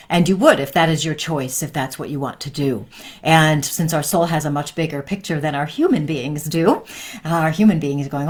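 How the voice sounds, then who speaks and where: A woman, a medium and life coach, hosting a casual live stream and answering viewer questions in a chatty way. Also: low-pitched.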